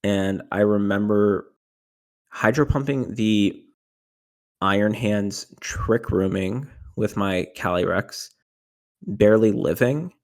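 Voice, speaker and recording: Low-voiced young man, rambling and animated. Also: slow pace. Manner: rambling, heavy use of "like", animated when retelling panic. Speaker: tournament winner guest. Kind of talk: casual interview about competitive play.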